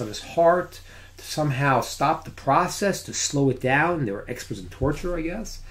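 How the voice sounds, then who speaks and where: Guy giving a torah lesson, tells stories, voice jumps all over, goes quiet and whispery for the big moments. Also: medium pitch. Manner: animated storyteller, drops to a hushed near-whisper at dramatic moments. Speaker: Torah teacher.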